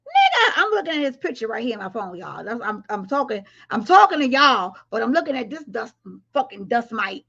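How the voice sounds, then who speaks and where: Blunt, high-voiced woman ranting on a livestream. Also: sing-song, normal speed, hardly any pauses, bright, forceful tone, lo-fi sound. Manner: blunt, profane, addresses viewers directly. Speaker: livestream commentary host. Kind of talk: casual livestream commentary.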